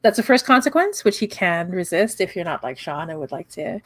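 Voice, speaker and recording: A woman's voice: fairly low pitch, big pitch swings, fairly bright tone. A woman narrating as game master of a tabletop game, repeating words as she sets the scene. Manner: brisk, repeats words while framing the scene.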